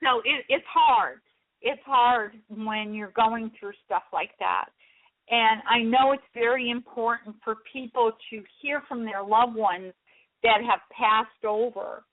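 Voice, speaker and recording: A woman hosting a radio show, talking in a soft, hesitant way with many fillers. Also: fairly high pitch, unhurried, no room sound. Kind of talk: casual radio talk. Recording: dry, tinny phone line.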